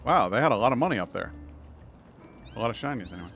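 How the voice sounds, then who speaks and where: A man's voice: mid-range voice, animated, fast, fairly bright tone. A man chats through a video game on a livestream, reading dialogue aloud and slipping into silly voices. His voice sits in an ordinary middle register and sounds playful and loose. Faint music runs in the background. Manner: playful, chatty, slips into silly voices for characters. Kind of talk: casual gameplay commentary with read-aloud dialogue.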